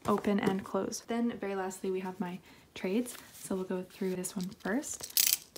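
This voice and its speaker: A young woman chatting casually while unboxing K-pop albums, excitable and talkative, with lots of fillers and little laughs. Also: medium pitch, noisy background. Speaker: K-pop album haul vlogger.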